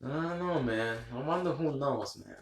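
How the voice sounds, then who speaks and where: Man, mid-pitched, loose rambling delivery, frequent laughter, roomy echo. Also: lively intonation, moderate pace, slight background noise. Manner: rambling, laughs often, swears casually. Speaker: livestream host. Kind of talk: rambling live-stream chat with viewers.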